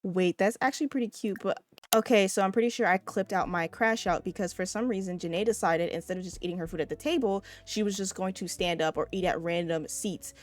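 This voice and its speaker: A woman's voice: medium pitch, brisk. A young woman giving casual gameplay commentary, chatty and laughing often as she talks to her viewers. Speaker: gaming video creator.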